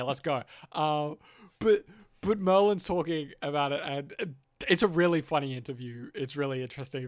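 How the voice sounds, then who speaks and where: A man's voice: on the high side, dry recording, studio quality. Rambling swearing man. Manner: rambling, swears a lot, laughs often. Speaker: podcast co-host. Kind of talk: casual chat.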